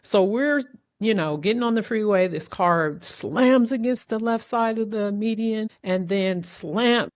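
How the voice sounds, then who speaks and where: A woman hosting a podcast, telling a story in an animated, emotional way with many restarts. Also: medium pitch, unhurried, no echo, clean studio sound. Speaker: podcast host. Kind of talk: casual interview chat.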